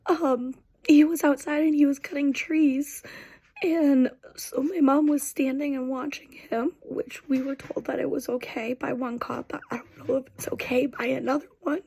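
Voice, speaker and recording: A woman in her twenties talking to camera in a personal video, speaking softly with a halting, near-whispered delivery. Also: sits high, steady tone, poor audio. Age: 20s. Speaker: vlogger seeking advice.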